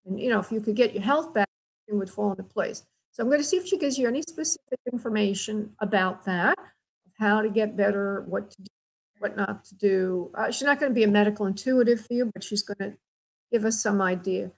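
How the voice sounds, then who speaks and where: A spirit medium hosting a psychic call-in radio show speaks quickly in a mid-pitched, gravelly, creaky voice on a rough recording. She's gentle and affectionate, calling her callers honey and sweetheart.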